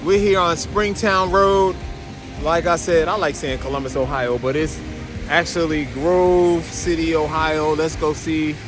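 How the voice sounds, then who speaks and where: A middle-aged man from New Jersey hosting a casual vlog on a handheld phone, lively and chatty, calling his viewers y'all. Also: a little high, a little slow. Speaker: vlogger host. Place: restaurant and parked car. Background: music playing.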